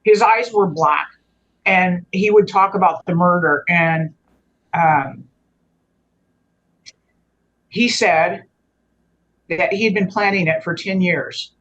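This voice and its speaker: A woman's voice: fairly low pitch, slow pace, long pauses, a bit bright, muffled recording. A woman guest telling a personal story in a conversational way. She often stops and restarts her sentences and lets phrases trail off.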